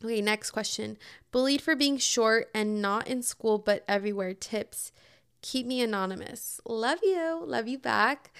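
A woman's voice: on the high side, smooth. A young woman hosting a podcast, answering listener questions in a chatty, upbeat way, with lots of "like" and "oh my God.". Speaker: podcast host. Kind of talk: casual advice chat answering listener questions.

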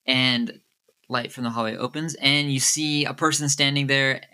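A man's voice: mid-range voice, fairly even intonation, moderate pace, sharp tone, clean tone. A man acting as game master, narrating a murder mystery game in a casual, hesitant way with fillers.

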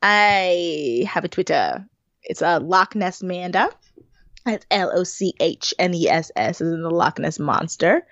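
A woman's voice: lowish voice, unhurried, no echo. A woman co-hosts a podcast in loose, casual chat, her voice bouncing up and down as she tells stories with frequent giggles. The sound is dry and close, slightly dull and lo-fi. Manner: giggly, animated storytelling. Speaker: podcast co-host.

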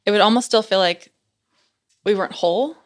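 A woman's voice: medium pitch, brisk. Chatty young woman telling a ghost story. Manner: chatty, heavy use of "like", animated retelling. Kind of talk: casual storytelling chat.

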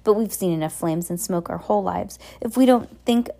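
A woman's voice: medium pitch, brisk, vocal fry, warm tone, lightly acted. A woman reading as a weary former henchwoman. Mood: firm. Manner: firm, resigned.

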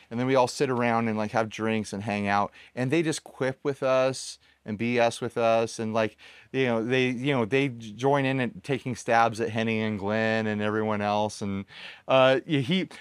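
A man's voice: medium pitch, clear, resonant tone, dry recording, studio quality. A man hosting a casual chat outdoors, telling stories and laughing often. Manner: laughs often, animated storytelling. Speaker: podcast host. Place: outdoors on a tropical island.

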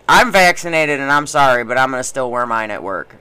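A woman's voice: very deep voice, animated, brisk, sharp tone, clean tone, dry recording. A woman co-hosting a podcast, teasing her partner with sarcastic, profane comebacks in casual banter. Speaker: podcast co-host.

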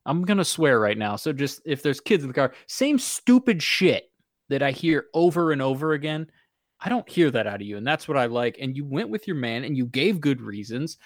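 A man's voice: mid-range voice, no room sound, studio quality. A man co-hosting a fantasy football podcast from a desk, speaking emphatically and with enthusiastic praise. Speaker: podcast co-host. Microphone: close studio mic at a desk.

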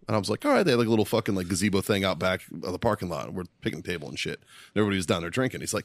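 A man in his thirties telling barracks stories on a podcast, profane and animated, often breaking into laughter. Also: low voice, rapid-fire, no echo. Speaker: podcast co-host. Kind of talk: casual storytelling.

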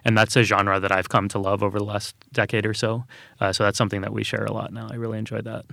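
A man's voice: lowish voice, little pitch movement, fast talker, gravelly, a bit bright. A man from Texas, a guest telling personal stories in an earnest, thoughtful way, with many fillers. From Texas, USA. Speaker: interview guest. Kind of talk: reflective personal storytelling.

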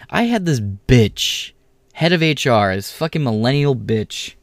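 Here is an American man in a heated, profanity-laden rant, his voice sitting at a middle pitch. He is recorded dry, with no room sound around him, and he slips into mocking impressions of the people he talks about. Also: very animated, moderate pace, no echo. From United States. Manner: profane, heated, swears constantly; mocks others by mimicking them. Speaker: vlogger. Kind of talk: ranting monologue.

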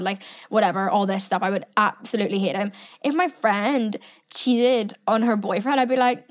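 A woman's voice: medium pitch, fairly even intonation, moderate pace. A woman in her twenties hosting a podcast, chatting casually and rambling with lots of fillers. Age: 20s. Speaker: podcast host. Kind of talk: casual chat.

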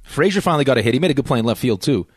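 A man co-hosting a sports talk radio show, talking quickly with frequent restarts and a teasing edge. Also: medium pitch, animated, husky, dry recording, studio quality. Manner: rapid, restarts and stumbles, teasing.

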